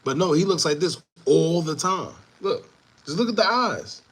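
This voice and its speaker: A man hosting an online commentary show, talking casually to viewers in a repetitive, animated way with laughing asides. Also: fairly high pitch, moderate pace, breathy edge. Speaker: show host.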